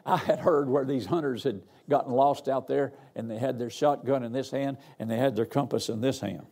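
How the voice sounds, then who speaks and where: A man's voice: medium pitch, normal speed, warm tone. An older man, a guest pastor preaching a sermon in a folksy, humorous, storytelling way. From Arkansas. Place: church.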